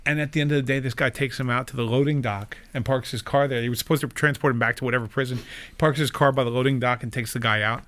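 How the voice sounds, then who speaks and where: A man who works as a defense attorney, speaking in a relaxed, measured way and explaining legal points during a casual chat. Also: medium pitch. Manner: measured storyteller, explains the law.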